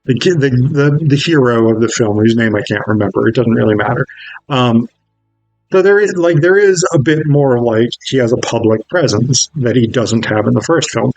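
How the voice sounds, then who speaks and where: A man's voice: medium pitch, moderate pace, darkish tone, no echo, soft background music, poor audio. A man reviewing a film in a casual, wry video essay, swearing freely as he talks.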